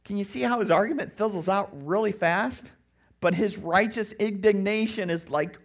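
Speaking at normal speed in a high-pitched voice, a middle-aged pastor gives a lively, animated sermon. Every so often he slips into loud voices that mock.

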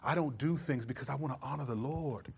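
This middle-aged pastor's voice is medium-pitched, a little fast, creaky and breathy. During his sermon he narrates with animation and mimics himself scolding as a dad.

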